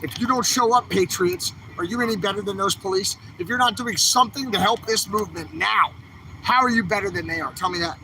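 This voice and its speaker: In this angry street vlog, a man livestreaming outdoors in the city rants in a high, bright, forceful voice at a fairly quick clip, agitated and pushing his viewers to act. Slight background noise comes through the poor audio.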